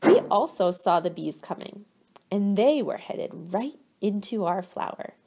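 Slow-reading woman teacher. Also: medium pitch, lively intonation, breathy edge. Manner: slow, gentle, pauses to quiz children. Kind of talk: reading a picture book aloud to children.

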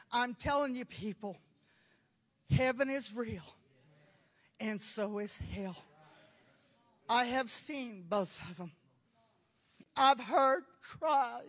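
A woman preaching a fervent testimony, crying and shouting her words, breaking into laughter between phrases. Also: on the high side, slow, long pauses. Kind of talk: emotional sermon testimony. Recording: long hall reverb.

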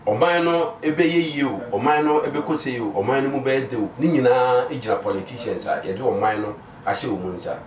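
A man with a Ghanaian accent giving a measured, earnest opinion in a street interview, speaking mostly Twi with some English. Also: medium pitch, a crowd in the background. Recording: echoey, distant mic, faint noise.

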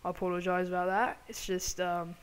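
This gameplay commentary comes from a woman with a lowish, clean-sounding voice who talks fairly quickly in a flat delivery. As a gaming channel host, she puts on an exaggerated British accent while chatting with viewers, with apologetic asides thrown in.

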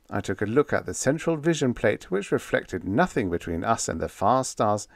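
A man narrating a humorous story in the first person, with lively, expressive storytelling. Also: on the low side, normal speed, creaky, hardly any pauses, no echo, studio quality. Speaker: audiobook narrator.

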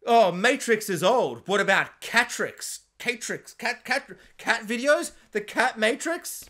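A man's voice: high voice, fairly bright tone. A man giving a casual, sarcastic spoken film review, exasperated and acting out scenes in silly voices. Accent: Australian.

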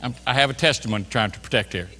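A man's voice: mid-range voice, racing, pushed and bright. A man preaching a sermon as a pastor, telling a story animatedly and acting out both sides of a store exchange. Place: church sanctuary. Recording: church hall reverb.

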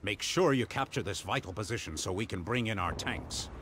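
An actor playing a military commander giving a formal in-game mission briefing. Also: male voice, on the low side, lively intonation, fairly quick, fairly bright tone, slight background noise. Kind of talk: in-game voice-over.

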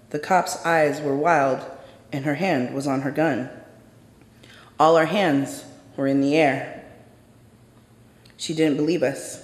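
A gravelly, fry-laden voice tells a true story live from a stage, intense and measured, dropping to a hush at the quietest beats. The sound carries the long reverb of a large hall and rings around the room. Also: medium pitch. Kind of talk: live spoken-word story performance.

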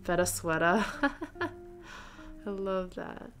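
Speaking slowly but animatedly in a low-ish voice, a woman hosts a laid-back knitting livestream over soft background music. She chats away, often laughing, and reads viewers' comments out loud.

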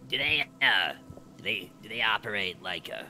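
A man playing a character in a tabletop game, sighing and asking halting questions. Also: fairly low pitch, lively intonation, sharp tone, a little hiss or hum. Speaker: player. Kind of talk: in-character play and chat.

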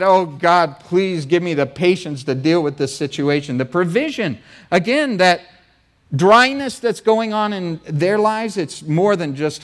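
A man preaching a sermon as the church's pastor, telling the story in an animated, joking way and acting out the voices. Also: on the high side.

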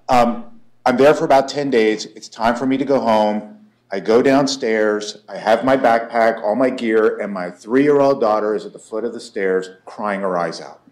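A man in his forties giving a conference lecture, wry and story-driven, often checking in with "right?". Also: fairly low pitch. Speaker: conference speaker, war college lecturer. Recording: echoey lecture room.

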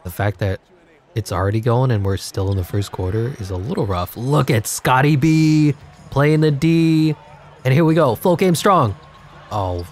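A man giving jokey, excitable play-by-play over a video game, his voice congested and wearing out, breaking into sudden yells. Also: mid-range voice, normal speed, faint music behind. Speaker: gaming commentator. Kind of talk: live game commentary.

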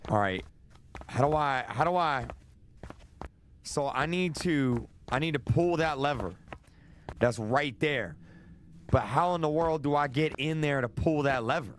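A young gaming streamer gives live commentary on a horror game, jittery and repeating himself as he loses his voice. He speaks in a fairly high voice, a little slowly with long pauses, over slight background noise.

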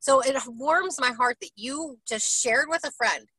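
A woman's voice: high-pitched, measured pace, pushed and bright, slightly rough, no room sound, rough recording. A woman hosting a casual interview, gushing and enthusiastic, often tagging her points with "right?". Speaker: interviewer and host.

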